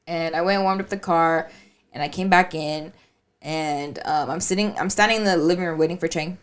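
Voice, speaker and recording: A woman co-hosting a podcast, chatting casually with a friend and telling animated stories full of acted-out quotes. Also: brisk, smooth. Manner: animated storyteller, acts out quotes with high shrieks and laughter. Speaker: podcast co-host. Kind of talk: casual chat between friends.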